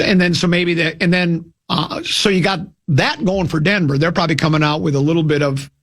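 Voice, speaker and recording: A man's voice: a little high, creaky. A man hosting a sports radio show, talking casually and rambling with restarts and dry self-mocking asides, from a studio microphone.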